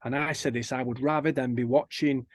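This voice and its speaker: A man, an energetic guest in an interview, telling stories and acting out the people he quotes. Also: mid-range voice, fairly quick, no room sound. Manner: energetic storyteller who acts out quoted people. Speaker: guest, kindness campaigner. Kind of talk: animated interview chat.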